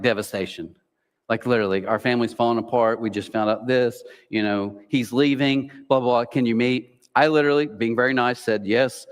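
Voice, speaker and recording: A man in his forties, a pastor giving a conversational sermon full of personal stories, rambling casually and saying "like" and "literally" a lot. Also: mid-range voice. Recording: long reverb of a church hall.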